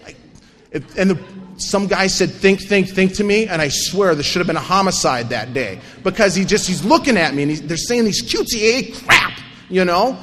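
High-voiced man sharing his recovery story. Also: a little fast. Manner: animated, self-mocking storytelling with coarse humor. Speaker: speaker at a recovery meeting. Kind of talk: personal recovery story told to an audience. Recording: long hall reverb.

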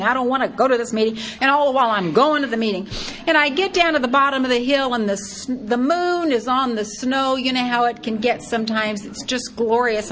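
Older woman, lively storytelling testimony. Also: a little high, slight background noise. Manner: lively, acts out her own past thoughts in quotes. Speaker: speaker sharing her recovery story.

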